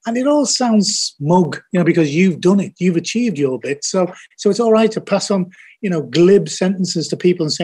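A man's voice: high-pitched, animated, normal speed, darkish tone, breathy edge. An older man with a Scouse accent, a TV producer speaking as a podcast guest in a blunt, earnest, folksy way. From Liverpool, England. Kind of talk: podcast interview.

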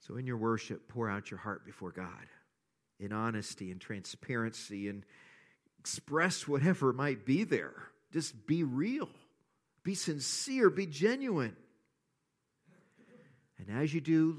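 A man's voice: lively intonation, a little slow, pauses often. Earnest male pastor preaching a sermon. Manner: earnest, swings from soft hushed lows to rising impassioned appeals. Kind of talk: sermon with scripture reading.

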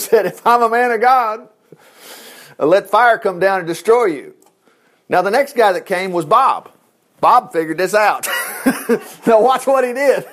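A man preaching a sermon, telling scripture stories in a folksy, animated way with asides and chuckles, swooping from excited high bursts to low quiet remarks.

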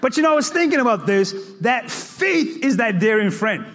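Man, from Cape Verde, preacher, comic storytelling, playful exclamations, high voice, hall echo. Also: moderate pace. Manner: animated, playful, breaks into shouts and laughter. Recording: echoey hall reverb.

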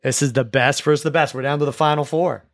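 This man, hosting a school sports show, has a fairly high voice and talks fast, chatting casually through the results. He's relaxed but keeps restarting his sentences and repeating words. The audio is dry and studio quality.

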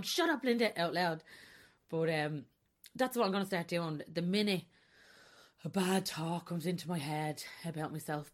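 A woman in her forties hosting a podcast, talking candidly and confessionally about herself and often breaking into laughter. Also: lowish voice. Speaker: podcast host. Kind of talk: personal podcast monologue.

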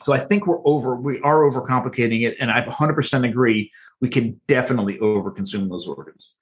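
A man's voice: medium pitch, fast. A man being interviewed as a guest author, explaining with energy and frequent restarts. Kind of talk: podcast interview.

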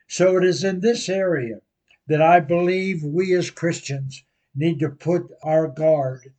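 An older man preaching a sermon, telling a personal story slowly and earnestly. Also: on the high side, a little mellow. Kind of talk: sermon testimony.

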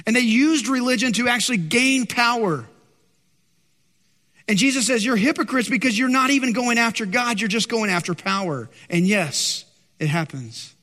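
A man preaching a sermon as pastor, impassioned and animated, acting out worried disciples with a lifted voice. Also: normal speed. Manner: impassioned, acts out anxious disciples in higher voice. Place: church sanctuary. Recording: long hall reverb.

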